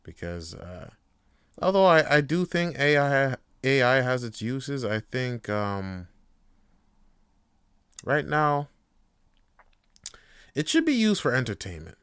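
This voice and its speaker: Bright, crisp-voiced man rambling on a podcast. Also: medium pitch, very animated, slow pace, long pauses, no room sound, clean studio sound. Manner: rambling, lots of fillers and swearing. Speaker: podcast host. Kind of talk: casual podcast monologue.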